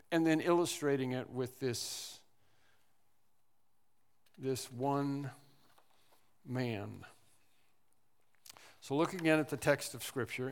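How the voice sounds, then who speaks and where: A man preaching a sermon, animated, repeating phrases and acting out the people in the story. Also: medium pitch. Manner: animated preaching with repetitions and acted-out quotes. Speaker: pastor. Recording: long hall reverb.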